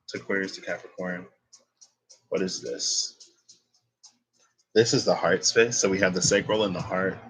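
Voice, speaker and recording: A man's voice: low-pitched, a bit bright, breathy edge, low-quality recording. A young man giving a casual tarot reading, rambling and thinking aloud as he corrects himself. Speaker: tarot reader.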